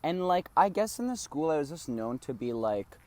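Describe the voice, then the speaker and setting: A man's voice: a little high, big pitch swings, moderate pace, a little mellow. A teenage young man co-hosting a podcast, chatting casually in a rambling way, swearing freely and acting out people in his stories. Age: teens. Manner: rambling, swears freely, acts out voices in anecdotes. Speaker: podcast co-host. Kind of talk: casual chat.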